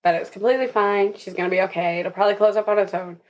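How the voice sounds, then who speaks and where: A woman's voice: medium pitch, very fast. Laughing young woman telling a birth story. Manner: animated, laughing often, acts out others' lines. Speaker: podcast guest. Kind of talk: casual storytelling.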